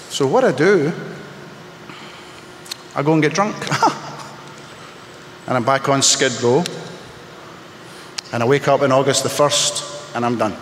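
A man sharing his personal story in a candid, emotional, halting way, speaking as a testimony to a gathered audience. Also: mid-range voice, slight background noise. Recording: echoey hall with long reverb.

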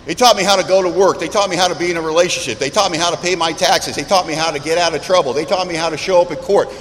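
A man's voice: a little high, very fast, a bit bright. A man speaking at a recovery meeting, mixing humorous storytelling with earnest reflection. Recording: long hall reverb, faint background noise.

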